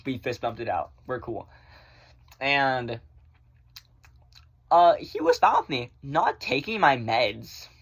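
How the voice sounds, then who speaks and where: Rambling, fast-talking young man vlogging. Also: fairly high pitch, fairly bright tone. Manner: rambling, swears freely. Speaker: vlogger answering viewer questions. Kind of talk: casual chat.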